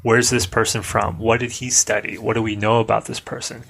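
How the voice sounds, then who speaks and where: A man coaching English conversation in a casual, relaxed lesson, talking things through and stressing words for emphasis. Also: on the low side, a little fast, vocal fry.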